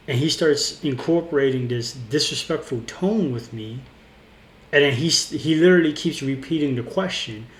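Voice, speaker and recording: A man telling a personal story in a casual, rambling way, indignant, with many restarts and fillers. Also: mid-range voice. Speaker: vlogger. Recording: roomy with faint ambience.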